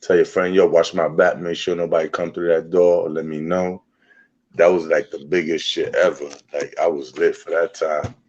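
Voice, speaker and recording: A man's voice: sits low, little pitch movement, normal speed, a little mellow, muffled recording. A man in casual chat, reminiscing and laughing often. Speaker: podcast co-host.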